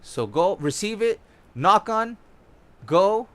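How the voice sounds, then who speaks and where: A young man giving casual, excited tutorial commentary on his own gameplay, swearing now and then as he demonstrates moves. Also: sits high, takes it slowly. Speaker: gaming YouTuber.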